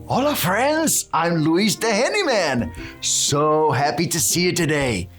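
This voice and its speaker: A children's ministry presenter plays a cheerful handyman, leading kids in call-and-response cheering and dropping in Spanish words. His fairly high, fairly bright voice is expressive and unhurried, bouncy and cheery with bursts of cheering, over faint music.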